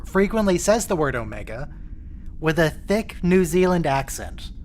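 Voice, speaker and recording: A man's voice: fairly high pitch, very animated, moderate pace, a little mellow, a little hiss or hum. A man hosting a casual watch-along voice chat who jokes dryly and counts down playback. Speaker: stream host. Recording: voice chat call.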